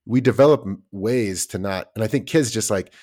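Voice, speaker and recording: A man co-hosting a podcast in casual chat, animated and acting out little quoted voices, with many fillers and restarts. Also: on the low side, normal speed. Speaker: podcast co-host.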